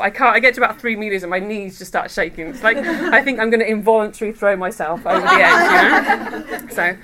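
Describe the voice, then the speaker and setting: A woman giving a devotional talk to a women's group, chatty and quick to laugh as she tells personal stories. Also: medium pitch, a bit bright. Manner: chatty, laughs often while telling stories. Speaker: women's ministry speaker. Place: room with a gathered group.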